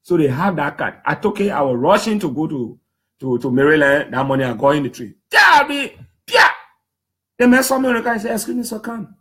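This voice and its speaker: Liberian English man, 30s, high voice, emphatic public storyteller who acts out quotes. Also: quick pace. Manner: lively, emphatic, slips into quoting others in put-on voices. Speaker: human rights defender speaking to the public. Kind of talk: animated storytelling talk.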